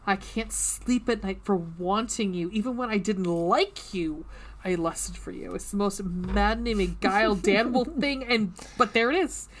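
A woman voicing a passionate, exasperated young viscount as she reads a romance novel aloud, softly and with breathy whispers. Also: medium pitch, normal speed, slight background noise, natural voice. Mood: intense. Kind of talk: reading a novel aloud on a podcast.

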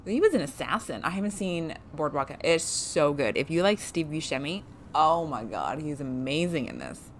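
A woman gives casual let's-play commentary, laughing and cursing as she goes. Her voice sits a little low but swings widely in pitch, with faint hiss behind it. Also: very animated, moderate pace. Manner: chatty, swears freely, laughs a lot. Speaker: streamer playing a game.

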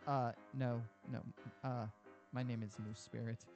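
A timid young man looking for work stumbles through his words, as a game streamer voices him. He speaks hesitantly and rather quickly, with soft music in the background. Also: medium pitch, flat delivery, close to an everyday voice. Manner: hesitant, halting. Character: timid young male job-seeker.

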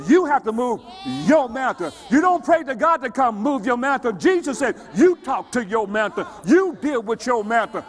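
High-voiced preaching man, echoing church. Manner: preaching with rising shouts and call-and-response questions. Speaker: pastor. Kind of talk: sermon. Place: church sanctuary. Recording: long church reverb.

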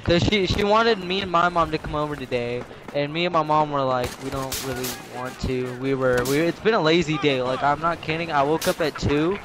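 A man's voice: a little high, fairly quick, hardly any pauses, noisy background. Rambling joking man on game chat. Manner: rambling, joking, crude humor. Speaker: gamer chatting with friends. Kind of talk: casual gaming chat.

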